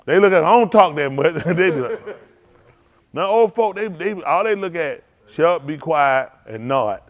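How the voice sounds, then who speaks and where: Animated preacher man telling stories. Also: fairly high pitch, moderate pace. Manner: animated, laughing, repeats and restarts phrases. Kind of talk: loose storytelling sermon.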